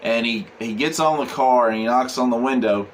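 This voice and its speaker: A man's voice: medium pitch, normal speed, a little hiss or hum. A man reviewing a comic book, recapping the plot casually with many fillers and "he's like". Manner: rambling, full of "he's like" and "um".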